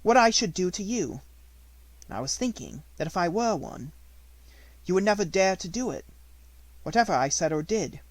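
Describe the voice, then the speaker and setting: A man's voice: high voice, expressive, normal speed, long pauses, dry recording, voice pushed up. A man voicing a composed, imaginative young girl who speaks grandly and politely, in an audiobook reading. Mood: defiant.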